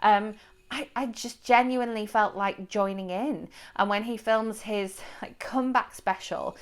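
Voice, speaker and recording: A woman's voice: medium pitch, unhurried, clean tone. A woman giving a casual spoken movie review to camera, chatty and rambling, with fillers and restarts. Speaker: book and film reviewer.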